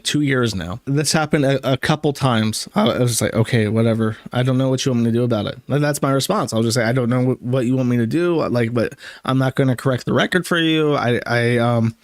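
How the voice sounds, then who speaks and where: A man's voice: medium pitch, a little fast, dry recording, studio quality. A man recounting past events in a matter-of-fact but frustrated way, with occasional stammers. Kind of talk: casual recounting.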